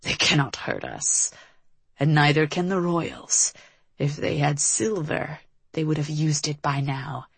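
A woman voicing a low, cold male monster. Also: sing-song, unhurried, creaky, husky, no echo, full character voice. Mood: menacing. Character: large menacing male monster, cold and cruel.

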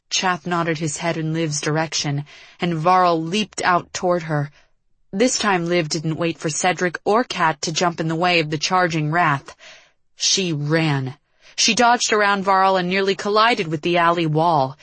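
A woman narrates a tense story in a measured, dramatic reading. Her voice sits fairly low. The sound is dry and close, with no room echo. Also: fairly bright tone. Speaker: audiobook narrator. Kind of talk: scripted narration.

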